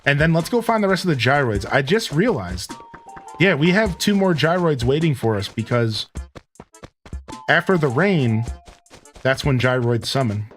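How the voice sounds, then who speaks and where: A man's voice: on the high side, big pitch swings, moderate pace, fairly bright tone, soft background music. A man streaming a retro video game, chatting casually and joking with viewers as he plays. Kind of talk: casual gameplay commentary.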